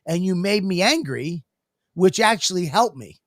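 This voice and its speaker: A comedian co-host tells rambling, profane stories and laughs often. His voice sits fairly high for a man. The sound is dry and close, with no room around it. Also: animated, measured pace, dry recording. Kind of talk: casual profane banter.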